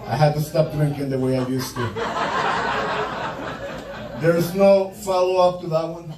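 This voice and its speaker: On a comedy club stage, a male stand-up comedian with a fairly high, flat-pitched voice delivers a profane, punchy set at an unhurried pace, acting out quotes from his stories. The audio is roomy and distant, with heavy background noise and loud crowd laughter.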